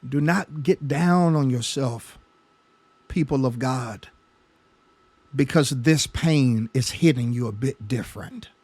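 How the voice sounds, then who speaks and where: A man's voice: medium pitch, slow pace, darkish tone, slightly rough, no room sound. A man pastor teaching a Bible study sermon, emphatic, often repeating words as his passion builds. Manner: emphatic, stammering repetitions, rising passion.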